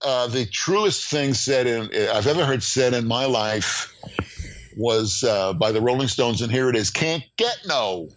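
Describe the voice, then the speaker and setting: An older man, a screenwriting professor, talking as a podcast guest in an animated, emphatic storytelling way with frequent fillers and restarts. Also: medium pitch, unhurried, highs cut off. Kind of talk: podcast interview.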